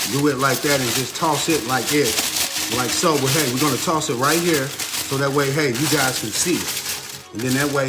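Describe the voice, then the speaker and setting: A man hosting a casual cooking demonstration in a home kitchen, lively and chatty, often laughing and repeating a catchphrase. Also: medium pitch. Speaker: home cook and video host. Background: music playing under the voice.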